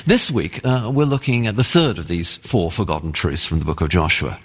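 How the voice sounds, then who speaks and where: A man's voice: low voice, moderate pace, husky, big-room sound. A man with an English accent, a pastor preaching an earnest, emphatic sermon. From England. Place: church sanctuary.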